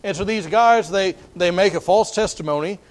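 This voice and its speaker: Male preacher, high-pitched, folksy storyteller who restarts his sentences a lot. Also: normal speed. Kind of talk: sermon.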